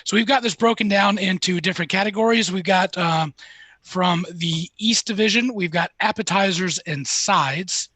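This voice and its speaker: High-voiced man hosting. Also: moderate pace, sharp tone, dry recording. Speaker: podcast host. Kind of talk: casual podcast chat.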